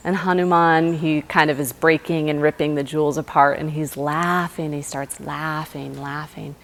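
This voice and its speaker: A woman yoga teacher telling a legend during a guided class, soft-spoken and unhurried, with frequent fillers. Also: low-pitched, fairly even intonation, slight background noise.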